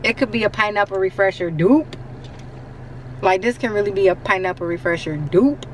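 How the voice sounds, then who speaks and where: Here a young female vlogger chats casually with her viewers, repeatedly calling them "y'all," at a normal speed in a mid-range voice. She starts out in her car and later moves home. A handheld camera mic captures her with a slight hiss or hum.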